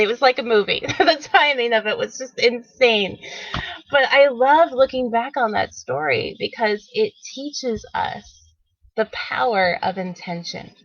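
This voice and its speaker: A woman hosting a wellness show, telling a personal story in a lively, animated way, acting out what people said and laughing often. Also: a little high, a little slow, dry recording, highs cut off.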